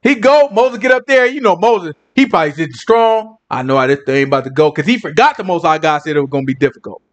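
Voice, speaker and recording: A man's voice: fairly high pitch, lively intonation, quick pace, dull audio. A male preacher telling a Bible story in a casual, dramatic, conversational sermon.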